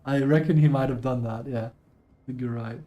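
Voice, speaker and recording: A man streaming live, chatting casually and reading posts aloud, excitable, laughing often and swearing casually. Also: medium pitch, normal speed, highs cut off.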